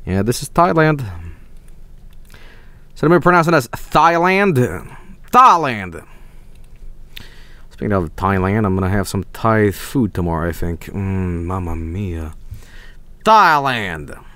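A young man with a Swedish accent streaming a geography guessing game, thinking aloud, swearing and breaking into excited yelps. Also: low voice, moderate pace, pauses often, clear, resonant tone, no room sound. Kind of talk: casual gameplay commentary.

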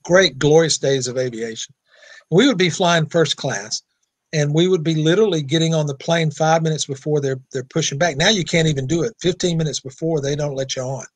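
Male guest, raised voice, animated storyteller, dry close mic. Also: a little high, a little fast, no room sound. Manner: animated anecdote-telling with quoted dialogue. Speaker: guest attorney. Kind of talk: storytelling in an interview.

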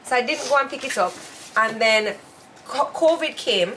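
A woman's voice: a little high, expressive, moderate pace, a bit bright, slight background noise. A woman vlogging at home, chatting casually and laughing often while trying on wigs. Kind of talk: casual chat.

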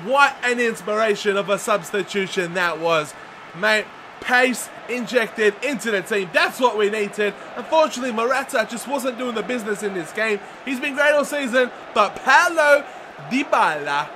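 Young guy, gameplay commentary, high-pitched, bright edgy tone, shouts when excited. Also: normal speed, a little hiss or hum. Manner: excitable, shouts at big moments, chatty. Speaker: gaming video host.

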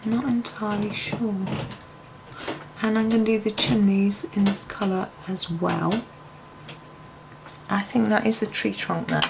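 A woman hosting a colouring tutorial, talking her choices through to herself in a relaxed, musing way with frequent ums. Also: mid-range voice, measured pace, gravelly, long pauses, noisy background. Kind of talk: relaxed voice-over tutorial, thinking aloud.

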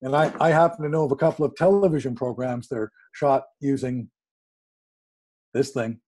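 A man telling a story in a casual, animated way, acting out quoted dialogue with sudden jumps in pitch. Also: normal speed. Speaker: guest speaker.

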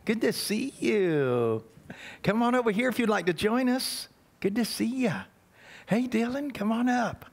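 A man's voice: high voice, sing-song, a little slow, creaky, long pauses. A man leading a church service as guest pastor, telling a playful children's story and leading the congregation. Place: church sanctuary.

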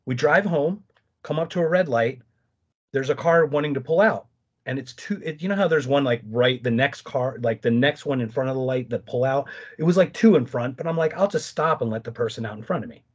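A man telling stories as a podcast guest in casual conversation, animated, with quick asides and restarts. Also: medium pitch, breathy edge, dull audio.

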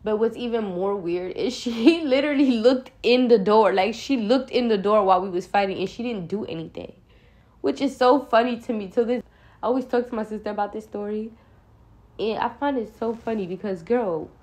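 A young woman vlogger telling a storytime in casual slang, often calling viewers y'all and acting out her own lines. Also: normal speed. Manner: animated retelling, acts out her own quoted lines louder and higher.

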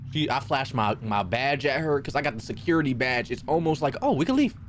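A man's voice: medium pitch, slight background noise. A young man streaming a horror game, jumpy and swearing a lot as he talks to his chat and to himself. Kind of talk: live horror gameplay commentary.

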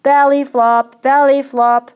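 A woman's voice: high voice, flat delivery, slow pace, voice pushed up. A woman voicing a desperate young boy who leads the group, calling out urgently. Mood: frantic. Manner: shouting urgently.

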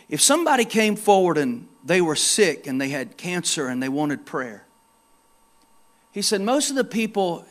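A male pastor preaching a sermon, telling stories and swelling into loud, emphatic exhortation. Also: fairly high pitch. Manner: storytelling, quoting others in his own voice.

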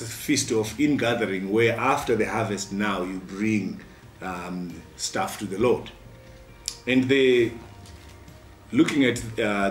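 A man giving a midweek devotion as a pastor, earnest and steady, with frequent pauses. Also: on the low side. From Zimbabwe. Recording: roomy sound from a distant mic, faint music.

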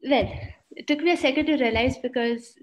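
A woman's voice: high voice, fairly quick, low-quality recording. A woman with an Indian English accent presenting on a panel, chatty and full of fillers.

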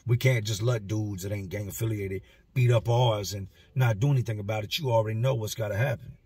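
A man quoting a hard, cold male gang leader in prison, who speaks in flat threats. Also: fairly low pitch, fairly quick, husky, dry recording. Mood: stern.

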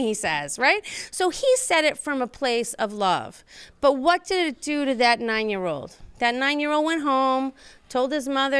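A woman's voice: high-pitched, sing-song, moderate pace, a bit bright, no echo. A woman host and local official giving an earnest talk show monologue, rambling with many ums and restarts.

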